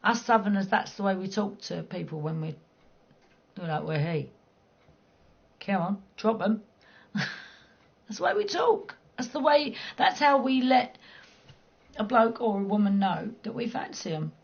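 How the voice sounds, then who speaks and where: A woman's voice: medium pitch, big pitch swings, a little slow, creaky, pauses often, highs cut off. A middle-aged woman with a London accent, chatting casually and bluntly with viewers during a game stream, cheeky and swearing freely. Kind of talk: casual chat.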